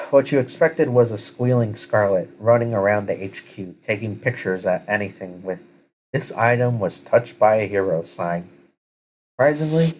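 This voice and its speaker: A man's voice: on the low side, darkish tone, rough recording. A man casually reading a second-person story aloud, often correcting himself. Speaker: story reader.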